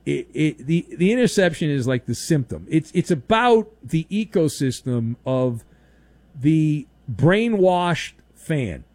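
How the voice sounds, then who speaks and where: A man's voice: fairly high pitch, big pitch swings, slow pace, darkish tone, no room sound. A man hosting a sports talk radio show, ranting sarcastically and mocking with exaggerated silly voices. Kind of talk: opinionated sports talk monologue.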